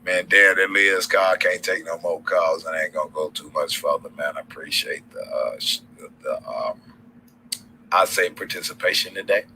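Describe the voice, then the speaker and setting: A man's voice: low voice, normal speed, bright, forceful tone, a little hiss or hum, rough recording. A man with a Southern accent hosting a casual livestream, rambling loosely in slang with lots of fillers and restarts. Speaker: livestream host.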